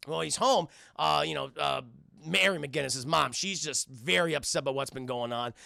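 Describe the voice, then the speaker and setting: A man recaps a cartoon episode for his live chat, excitable and profane, jumping into the characters' lines. His voice is gravelly with lots of fry and a bright, forceful edge. It sounds dry and close to the mic. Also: fairly high pitch, normal speed, no room sound. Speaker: cartoon reviewer streaming to chat.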